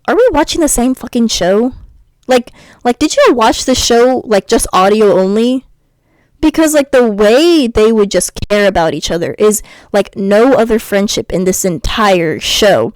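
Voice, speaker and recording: A young woman ranting casually in a vlog, animated and chatty, swearing freely. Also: medium pitch, unhurried, no echo. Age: young adult. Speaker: YouTuber.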